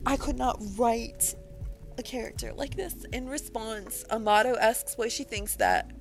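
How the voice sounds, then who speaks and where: A woman author on a livestream, reading a news report aloud and breaking in with animated, disbelieving exclamations. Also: a little high, measured pace, soft background music, low-quality recording. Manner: animated, exclaiming in disbelief between read-out passages. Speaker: author livestreaming a writing session.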